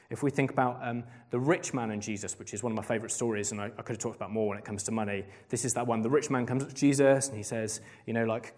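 A man's voice: mid-range voice, a little mellow. A young man giving a sermon in a chatty, casual way, full of "like" fillers. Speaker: preacher. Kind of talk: conversational sermon.

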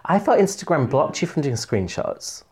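A hungover man co-hosting a podcast, chatting casually and poking fun at himself. His pitch moves in a lively way, and his middle-height voice keeps an easy, conversational rhythm. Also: moderate pace. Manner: chatty, self-mocking storyteller. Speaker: podcast co-host, journalist. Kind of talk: casual chat.

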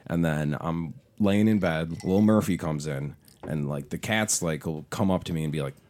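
A man's voice: a bass voice, moderate pace, a little mellow. Laid-back man telling rambling stories. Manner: profane, rambling storyteller, laughs often. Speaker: podcast co-host. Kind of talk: casual chat.

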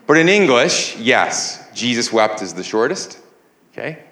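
A man's voice: mid-range voice, big pitch swings, unhurried, a bit bright, echoey room. A man preaching a sermon as pastor, earnest, repeating words as he builds emphasis. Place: church sanctuary.

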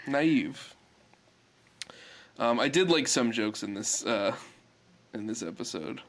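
A man chatting casually about a cartoon episode, rambling with lots of fillers and acting out quick quotes. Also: mid-range voice. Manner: rambling, many fillers, animated acted quotes.

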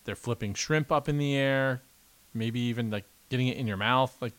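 A man's voice: mid-range voice, moderate pace, fairly bright tone. A man co-hosting a podcast, teasing his co-host playfully and laughing often. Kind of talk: casual chat.

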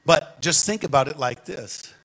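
Animated man preaching. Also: fairly high pitch, normal speed, husky, rough recording. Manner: animated, calls the congregation to respond. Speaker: guest preacher. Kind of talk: sermon.

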